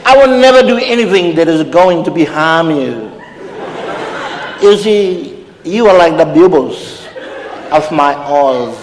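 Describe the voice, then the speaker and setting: A man's voice: on the high side, animated, slow. A man playing a tipsy, smug Samoan uncle with a Samoan accent, a self-styled ladies' man who flirts in flowery romantic lines in a live comedy act. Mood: crooning, flirty. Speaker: comedian in character. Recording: echoey hall with loud background noise.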